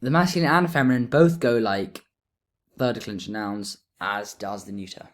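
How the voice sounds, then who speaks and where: A man explaining grammar in a relaxed lesson, thinking aloud as he writes notes. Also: lowish voice, normal speed. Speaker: teacher.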